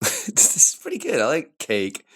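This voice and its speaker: A man's voice: a little high, huge pitch swings, measured pace, a bit bright, slightly rough. A man co-hosting a podcast, joking and rambling through casual chat. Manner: joking, rambling, goofing around. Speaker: podcast co-host.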